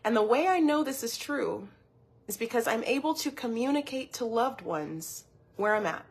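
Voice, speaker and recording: A woman's voice: a little high, animated, measured pace, long pauses, breathy edge. A woman giving a motivational teaching talk as a wellness coach, earnest and personal, often repeating words as she thinks.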